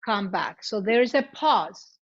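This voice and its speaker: A woman guiding a chair yoga class, giving cues in both English and Spanish and demonstrating loud vocal sounds. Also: medium pitch, lively intonation, takes it slowly. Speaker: yoga instructor. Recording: muffled lo-fi recording.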